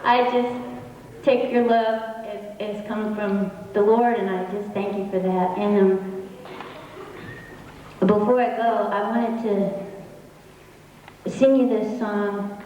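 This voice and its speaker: A woman singer talking to her audience between songs, in a halting, heartfelt way with many restarts. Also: mid-range voice, fairly even intonation, mellow, slight background noise. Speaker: singer on stage. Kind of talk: stage talk between songs. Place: concert hall. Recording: echoey hall from far off.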